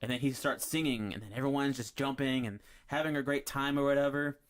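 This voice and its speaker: A man's voice: mid-range voice, fairly even intonation, brisk. A man hosting a podcast, chatting casually and rambling through a story with lots of fillers and restarts. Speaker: podcast host. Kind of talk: casual chat.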